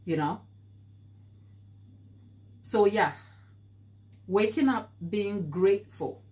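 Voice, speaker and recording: A woman in the middle of a live baking stream, chatting in an earnest, encouraging way. She laughs easily and answers viewers' comments as she goes. Her voice sits at a middling pitch. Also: extremely slow, a little mellow. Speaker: baking show host.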